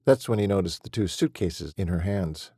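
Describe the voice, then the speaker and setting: A man reads an audiobook in a measured, steady way. His voice is low, dark and a little husky, and the close-miked recording is dry and intimate. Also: no echo. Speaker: audiobook narrator. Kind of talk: scripted audiobook narration.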